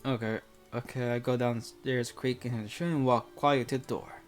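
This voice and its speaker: A man's voice: mid-range voice, steady tone, normal speed, soft background music. A man reading a visual novel aloud with casual, rambling commentary full of fillers.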